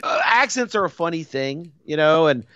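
A man's voice: on the high side, normal speed, smooth, no room sound. A man, co-hosting a casual movie chat and slipping into mock voices. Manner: animated, slips into mock voices and laughs. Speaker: podcast co-host. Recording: dry, slightly dull audio.

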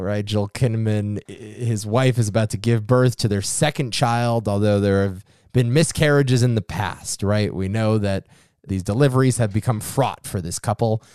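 Low-voiced man recapping a movie. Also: darkish tone, smooth, no room sound, studio quality. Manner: recaps the plot with wry asides. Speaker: podcast co-host. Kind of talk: casual movie review chat.

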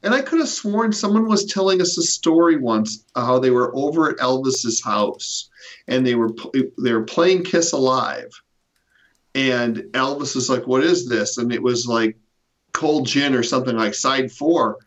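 A man's voice: medium pitch, moderate pace. A male host chatting casually and asking a guest open questions. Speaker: podcast host. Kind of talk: casual interview chat. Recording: dull lo-fi sound.

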